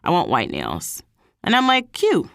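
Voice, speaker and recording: Low-voiced woman telling a story. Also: normal speed, dry recording, clean studio sound. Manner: animated, quotes people in higher voices. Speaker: vlog host. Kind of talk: casual storytelling.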